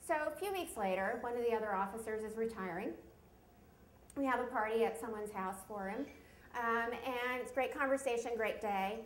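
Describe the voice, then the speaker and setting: A woman's voice: on the high side, normal speed, a little hiss or hum. A woman performing a self-deprecating, humorous personal story at a live story slam on a stage microphone. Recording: roomy live venue.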